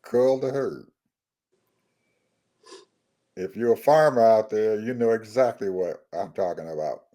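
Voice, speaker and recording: A man's voice: on the low side, animated, normal speed, dark tone. A man co-hosting a casual political chat, speaking in a wry way with short laughs between remarks. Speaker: co-host.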